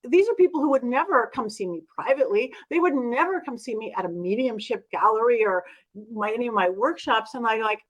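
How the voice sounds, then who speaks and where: A woman with a high voice tells her story in an interview, acting out the other voices with lively shifts. She talks as a spiritual medium, animated and expressive. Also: a little fast, poor audio. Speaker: guest, medium.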